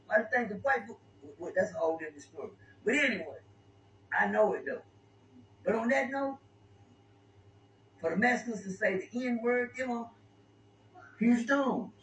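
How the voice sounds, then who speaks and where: High-voiced rambling man, echoey. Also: moderate pace, pauses often, fairly bright tone. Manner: rambling, stammering with repeated words. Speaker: interview guest. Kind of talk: casual storytelling. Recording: echoey room, distant mic, faint noise.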